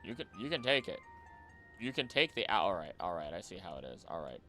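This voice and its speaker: A man chatting casually on a live gaming stream, jokey and animated, talking to the creatures on screen. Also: low-pitched, brisk, soft background music. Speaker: streamer and voice actor.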